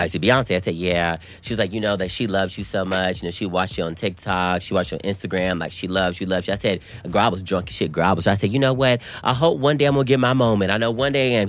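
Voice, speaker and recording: A man co-hosting a podcast, telling a story in casual chat, very animated and swooping high when excited, calling everyone "girl". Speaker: podcast co-host.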